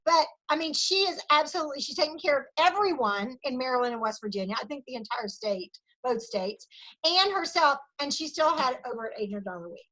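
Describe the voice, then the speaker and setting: A woman's voice: high-pitched, fairly quick, pushed and bright, low-quality recording. A woman leading a sales team meeting over a video call, giving an enthusiastic pep talk full of cheering and recognition. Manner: enthusiastic, cheering, Southern "y'all".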